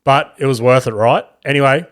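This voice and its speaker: A man in his thirties hosts his own podcast and rambles through family anecdotes in a loose, self-mocking way. He swears freely and his voice sits at an ordinary pitch for a man. It is a close podcast-mic recording. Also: a little fast. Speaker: podcast host. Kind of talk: casual comedic storytelling.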